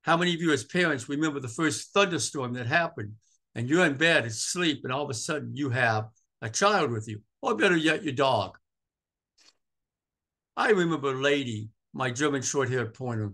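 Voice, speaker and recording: This medium-pitched man is a Maine pastor giving a sermon inside a church. His delivery alternates loud, emphatic appeals with quiet, tender stretches, and he repeats phrases to drive points home.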